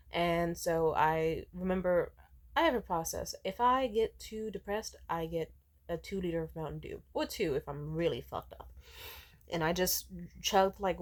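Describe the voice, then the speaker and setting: A young woman vlogging a candid personal update, rambling with lots of fillers and swearing, jumping from loud outbursts to hushed asides. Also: lowish voice. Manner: swings between loud outbursts and hushed, near-whispered asides.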